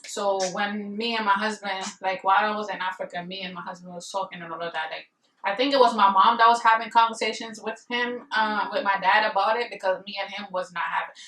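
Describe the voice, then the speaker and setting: A woman's voice: mid-range voice, fairly even intonation, fairly quick, a bit bright, slight background noise. A young woman vlogger giving casual marriage advice, rambling with many fillers and speaking bluntly and emphatically. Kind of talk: casual advice chat to camera. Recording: echoey room, voice a bit far from the mic.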